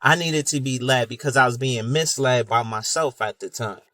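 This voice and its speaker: A man's voice: medium pitch, moderate pace, sharp tone, no echo. A man telling a personal story in an emphatic, casual way, repeating words and using fillers like "you know.". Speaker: video creator.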